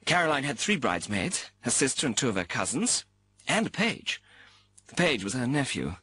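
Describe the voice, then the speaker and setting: A man's voice: medium pitch, very animated, normal speed, pushed and bright, breathy edge, full character voice. A young man playing a newly married groom, chatting about his wedding with a laugh now and then. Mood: relaxed. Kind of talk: scripted personal account.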